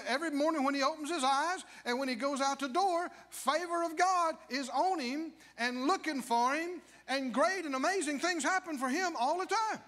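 A male pastor preaching a sermon in a church, swinging from low asides to shouted declarations. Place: church sanctuary. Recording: long church reverb.

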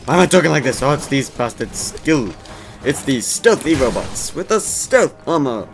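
A man's voice: medium pitch, big pitch swings, moderate pace, creaky. A man hosting a let's play, giving casual gameplay commentary in a rambling, jokey way with plenty of swearing. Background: game music.

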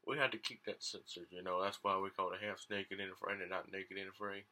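A man giving casual gameplay commentary, jumping between low muttering and high excited yelps and swearing often. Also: brisk, hardly any pauses.

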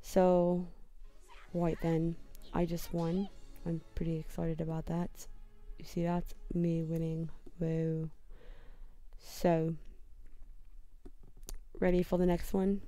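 A young woman chats over a match in a deliberately put-on London accent, rambling and poking fun at herself. Her voice sits low for a woman and has a mellow, soft tone. She is recording casual gameplay commentary from her bedroom. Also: flat delivery, soft background music. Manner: rambling, self-deprecating. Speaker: gamer.

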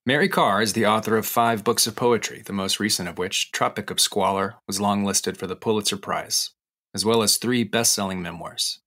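A man hosting a podcast, narrating a personal story in an intimate, confessional way and slowing down on key phrases. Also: lowish voice, bright, forceful tone. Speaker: podcast host. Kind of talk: personal narration over music.

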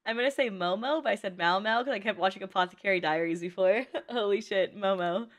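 A woman reacting to an anime movie in casual, excitable commentary, swearing and laughing often. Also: medium pitch, fairly quick.

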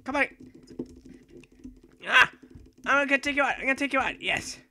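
A young man commentating his own gameplay, excitable and rambling, yelling and repeating himself as he plays. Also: very high voice, moderate pace, vocal fry, a little hiss or hum. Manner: excitable, yells and shrieks when playing. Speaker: gaming YouTuber.

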